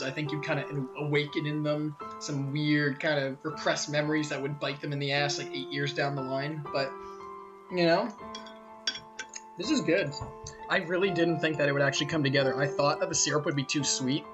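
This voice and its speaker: A streamer at home with an Eastern Canadian and American hybrid accent, chatting casually and rambling, with many fillers and self-corrections. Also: mid-range voice. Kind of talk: casual live-stream chat while eating. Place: at home near the kitchen. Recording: slightly muffled stream mic with music.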